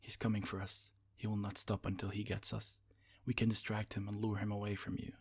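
A man's voice: lowish voice, completely flat delivery, brisk, darkish tone, a little hiss or hum, natural voice. A man voicing a desperate, once-mighty male sorcerer, speaking urgently and pleadingly. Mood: remorseful. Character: desperate fallen male sorcerer, proud but broken.

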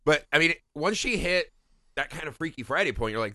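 A man co-hosting a casual film podcast, animated and joking, swearing freely. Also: a little high, fairly quick, dry recording, clean studio sound. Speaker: podcast co-host.

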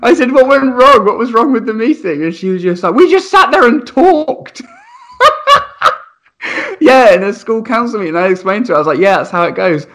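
A man's voice: high-pitched, fairly quick. Laughing young man telling stories. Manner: animated, laughing, acts out voices in his anecdotes. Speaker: primary school teacher. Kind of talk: casual storytelling chat.

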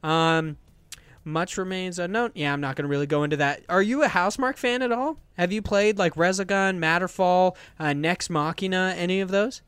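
A man's voice: sits high, a little fast, a bit bright, clear, resonant tone, dry recording. A man hosting a games podcast, talking casually and with enthusiasm, with many fillers. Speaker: podcast host.

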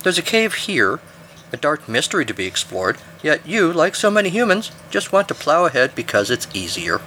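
A man's voice: on the high side, sing-song, moderate pace, bright, forceful tone, slight background noise, pitched above the performer's own voice. A man voicing a haughty, mocking male golden eagle with a squawking, obnoxious voice. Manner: smug, taunting.

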